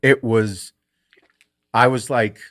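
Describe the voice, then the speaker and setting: A man hosting a podcast, telling a story in a casual, animated way and swearing freely. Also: medium pitch, slow. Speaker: podcast host.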